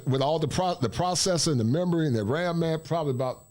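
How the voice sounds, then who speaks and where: A man's voice: a little high, fast talker, darkish tone. A man hosting his own channel's livestream, laid-back and casual, often tagging lines with "man". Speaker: YouTube channel host.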